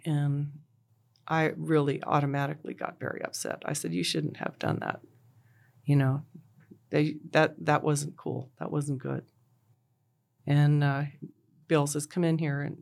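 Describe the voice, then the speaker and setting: Halting middle-aged mother retelling events. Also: low voice, creaky, darkish tone. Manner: halting storytelling full of "and he goes" and "uh". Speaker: interviewee, bereaved mother. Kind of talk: personal retelling.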